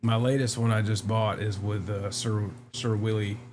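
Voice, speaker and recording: A man with a fairly low voice chats loosely on a livestream, dropping curses as he talks. Steady noise sits under his voice throughout. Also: normal speed. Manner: laid-back and profane. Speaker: livestream co-host. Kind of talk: casual chat.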